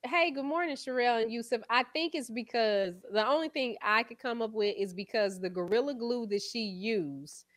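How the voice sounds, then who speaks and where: A woman's voice: on the high side, moderate pace, hardly any pauses, no echo, clean studio sound. A woman co-hosting a morning radio show with a Southern accent, chatting in a casual, explaining way. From Texas. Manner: chatty, explaining with warm asides.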